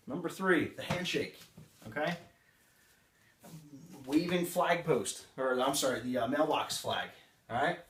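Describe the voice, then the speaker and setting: Male sales trainer, live seminar, punchy delivery, slightly raised pitch, distant roomy sound. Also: a little slow, pauses often, a bit bright, slight background noise. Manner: punchy, acts out short customer exchanges. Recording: roomy, distant room recording.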